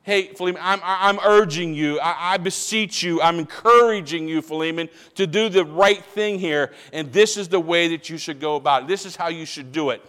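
A man's voice: a little high, normal speed, hardly any pauses, fairly bright tone, long reverb tail, natural voice. A man voicing an apostle speaking to a friend, earnest and direct, with repeated restarts. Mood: pleading. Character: apostle addressing a friend, firm then pleading.

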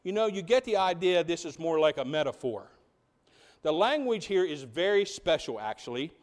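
A man's voice: fairly high pitch, sing-song, moderate pace. A man preaching a sermon in a church, full of rhetorical questions and building emphasis. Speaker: pastor. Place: church sanctuary.

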